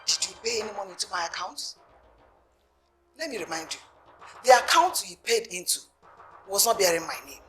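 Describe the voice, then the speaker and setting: A woman's voice: expressive, a little fast, long pauses, natural voice. A woman as an imperious, scheming queen. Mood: furious. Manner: imperious, turns shrill and menacing. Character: scheming, domineering middle-aged queen. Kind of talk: film drama acting. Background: film score music.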